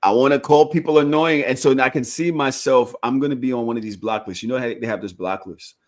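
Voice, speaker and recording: A man co-hosting a podcast in casual chat, teasing and animated, with loud bursts. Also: mid-range voice, quick pace. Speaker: podcast co-host.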